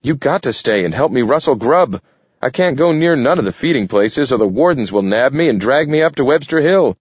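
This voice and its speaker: A man voicing a fretful male raccoon on the run, talking fast and pleading in a raised voice. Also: expressive, husky, no echo. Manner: fast, pleading, rising pitch. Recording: dull lo-fi dry recording.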